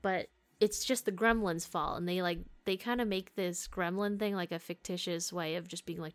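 A woman's voice: on the low side, fairly even intonation, moderate pace, few pauses. A young woman talks casually on a podcast, recapping a movie in a candid, laughing way. She swears freely and keeps a loose, unscripted chat going. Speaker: podcast host.

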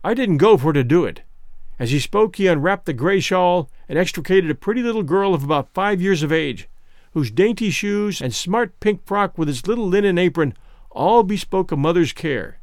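A man reads a story aloud, measured and expressive, his fairly high voice rising and falling a great deal. The recording is dry and close, with no room echo. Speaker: narrator. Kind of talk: audiobook narration.

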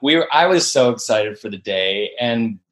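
A man's voice: medium pitch, expressive, normal speed, a bit bright. A man being interviewed as an actor, telling a behind-the-scenes story with enthusiasm and acting out quotes. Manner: enthusiastic, acts out quotes in voices. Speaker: actor guest. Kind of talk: animated interview talk.

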